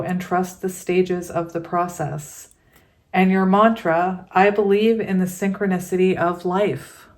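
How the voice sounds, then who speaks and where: A woman chatting casually through a tarot card reading for her viewers, slow and unhurried, with frequent giggles. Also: fairly low pitch. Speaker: tarot reader.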